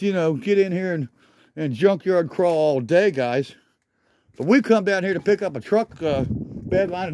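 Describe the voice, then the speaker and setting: A man's voice: high-pitched, a little mellow, dry recording, studio quality. A man walking around outdoors filming a junkyard, rambling enthusiastically as he names vehicles, a little out of breath. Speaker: vlogger. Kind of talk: casual walk-around commentary.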